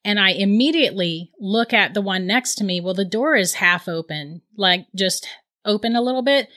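A woman in her thirties telling a ghost story in casual chat, animated and laughing often. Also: medium pitch, moderate pace.

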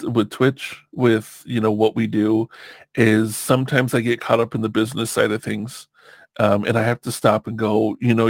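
A man's voice: on the low side, creaky, no room sound. Rambling podcast host guy, dry close mic. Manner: rambling, laughs easily, many fillers. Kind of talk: casual podcast chat.

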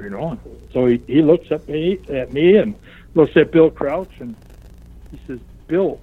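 A man's voice: on the high side, measured pace, breathy edge. Older man telling stories over a tinny line. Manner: animated storyteller who acts out other people's lines in raised voices. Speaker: guest, retired pro wrestler. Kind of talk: anecdotal storytelling interview. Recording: tinny phone-line sound.

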